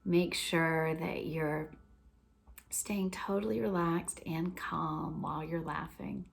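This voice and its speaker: A woman teaching a laughter practice in a gentle, unhurried way, often dropping to a near whisper. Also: deep voice, steady tone, creaky. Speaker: laughter coach. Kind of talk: instructional talk.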